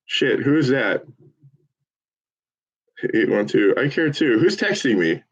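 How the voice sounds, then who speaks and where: A man volunteering as a phone banker, chatting casually and swearing between calls, then switching to an upbeat salesman's pitch on the phone. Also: sing-song, slow, slightly rough, muffled recording. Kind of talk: casual livestream chat with live phone calls.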